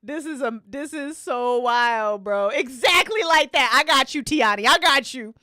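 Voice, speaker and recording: A woman's voice: sits high, animated, unhurried, pushed and bright, no echo, studio quality. A woman hosting a casual livestream, reading game events aloud and reacting with frequent laughter and swearing.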